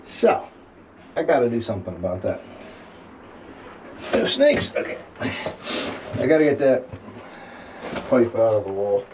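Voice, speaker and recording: A man's voice: fairly low pitch, lively intonation, a little slow, long pauses, noisy background. A man vlogging his house restoration, narrating casually and wryly to viewers while he digs and works outdoors. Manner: folksy, wry and self-deprecating, talks to viewers mid-task. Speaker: DIY home restoration vlogger. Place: outdoors at a house and well house, digging.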